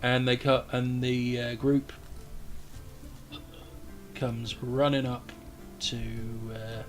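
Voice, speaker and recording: A man acting as game master, narrating a tabletop game on a live stream in a halting way with many fillers. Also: mid-range voice, flat delivery, soft background music.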